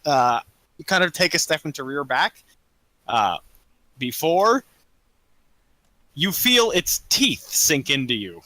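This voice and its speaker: A young man runs a tabletop game, narrating the action in a bright, sharp voice that swings widely in pitch. He stumbles often on ums and uhs and swears casually. The sound is close and dry. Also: very animated, dry recording. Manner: halting, full of ums and swearing. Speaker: dungeon master. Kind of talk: running a tabletop game over voice chat.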